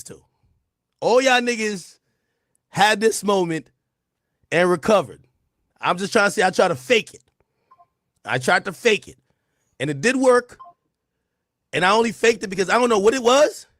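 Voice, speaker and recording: A man from Jamaica hosting a casual livestream, talking loud and animated, acting out quotes between laughs. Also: high-pitched, normal speed, pauses often, no echo, studio quality. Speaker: streamer host.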